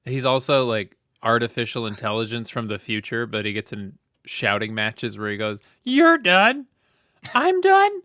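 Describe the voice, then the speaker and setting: A man's voice: fairly low pitch, little pitch movement, normal speed, few pauses, sharp tone, clean tone, dry recording. Dry, wry male co-host. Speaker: co-host reviewing a bad movie. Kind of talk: casual comedic commentary.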